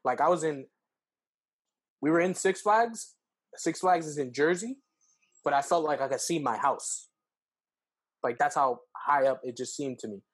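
A young man, co-hosting a podcast, telling a story casually with lots of fillers and jumping up in pitch when acting out quotes. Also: normal speed, slightly rough. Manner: animated, acts out quotes with pitch jumps, heavy fillers. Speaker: podcast co-host.

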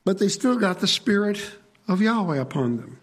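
Addressing his congregation in a conversational sermon, this preacher breaks off now and then to pose questions to them. His slightly husky voice runs a little high for a man, and he is very animated at a moderate pace.

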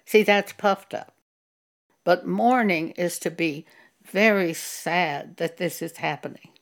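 A woman giving a Bible teaching, telling a personal story and reading scripture aloud in a slow, deliberate way. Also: on the low side.

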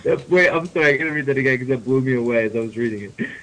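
A man's voice: mid-range voice, racing, background noise. Laughing man reading a fan story aloud. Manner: reads deadpan, breaking into laughter. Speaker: podcast host. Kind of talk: comedic dramatic reading.

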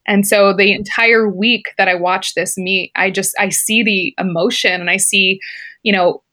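A woman's voice: medium pitch, fairly even intonation, measured pace, pushed and bright. Chatty woman telling a personal story. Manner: chatty, laughs often, many fillers like "like" and "you know". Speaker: former competitive swimmer, guest.

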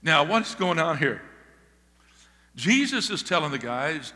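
Bright-voiced male pastor preaching in a reverberant hall. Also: fairly high pitch, sing-song, slow. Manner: emphatic preaching with calls of "Amen?" to the congregation. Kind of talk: sermon. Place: church sanctuary. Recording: long reverb of a large hall.

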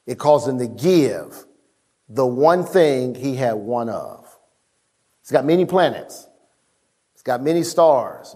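A man's voice: medium pitch, warm tone. A middle-aged man preaching a sermon, emphatic and casual, calling on the congregation to answer back. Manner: emphatic, call-and-response with the congregation.

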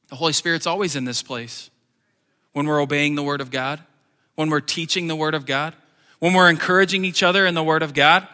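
High, sharp-toned man preaching a sermon, lively with wry asides, long church reverb. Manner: animated, swings between loud emphasis and quiet asides; joking asides in plain everyday speech. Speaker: pastor. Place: church sanctuary.

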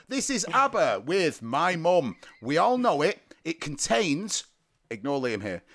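A man's voice: on the high side, a bit bright. A man hosting a comedic music podcast, chatting playfully and reading out song facts. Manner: playful, giggly, reads out facts. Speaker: podcast host. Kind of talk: casual comedy chat.

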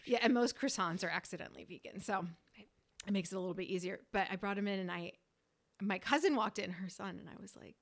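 A young woman guest on a podcast, telling animated stories in casual chat and quoting others as she goes. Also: medium pitch, quick pace, gravelly. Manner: lively storyteller, quotes others in dialogue.

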